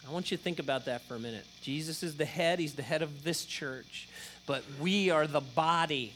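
Emphatic preaching man, high bright voice. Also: brisk, a little hiss or hum. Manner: emphatic, repetitive preaching with frequent "okay?" check-ins. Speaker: pastor. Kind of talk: sermon.

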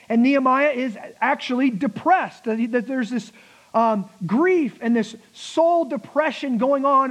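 A pastor preaching a sermon, emphatic, with laughing asides and slowed-down key words. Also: male voice, very high voice, low-quality recording.

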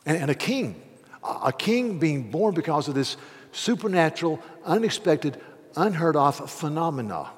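A man preaching a sermon, retelling scripture as a conversational story with animated asides. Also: on the high side, normal speed, breathy edge, in a large hall.

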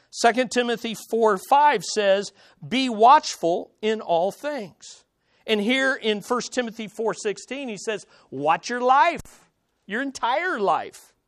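A man's voice: high-pitched, a bit bright, dry recording, studio quality. Man preaching in rhetorical questions. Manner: rhetorical questions, emphatic pauses. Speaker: pastor. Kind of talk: sermon.

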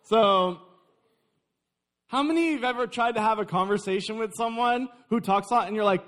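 A young adult man preaching a sermon, lively and joking with his congregation. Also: high voice, fairly quick. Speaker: pastor.

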